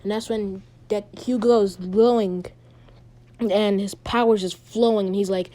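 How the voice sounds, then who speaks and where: A woman casually retelling a fan-made story, rambling and halting with many ums and restarts. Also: medium pitch, fairly even intonation, warm tone.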